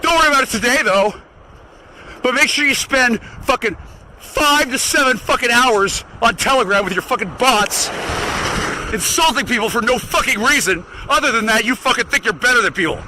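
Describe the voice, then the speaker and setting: A man delivering an angry, profanity-laden rant while walking outdoors, often breaking into shouts. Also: very high voice, moderate pace, slight background noise, rough recording. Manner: shouting, furious, swearing constantly. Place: outdoors, walking to get the mail.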